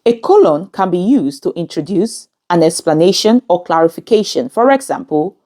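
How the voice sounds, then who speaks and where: A woman giving a scripted grammar lesson in a measured, instructive way. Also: on the low side, animated, dark tone. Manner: measured, instructive, reads examples aloud. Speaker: English teacher.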